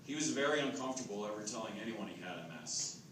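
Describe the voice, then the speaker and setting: A man telling a lively, chatty story as captain of a charity ride team. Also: lowish voice, fast. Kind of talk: casual storytelling to a camera. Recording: echoey, distant, noisy crowd.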